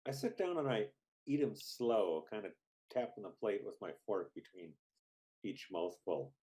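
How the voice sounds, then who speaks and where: A man playing a tabletop game as a player, deadpan and cheeky. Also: on the low side, unhurried. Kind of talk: tabletop game role-play.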